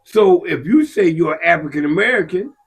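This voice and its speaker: A man's voice: on the high side, animated, moderate pace, slightly rough. A man in casual conversation, blunt and profane, speaking in short emphatic bursts.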